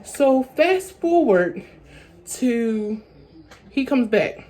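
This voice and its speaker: A young woman telling a story from her own life in a casual vlog, talking in quick bursts that restart and repeat phrases. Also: a little high, very animated, mellow, rough recording. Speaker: vlogger.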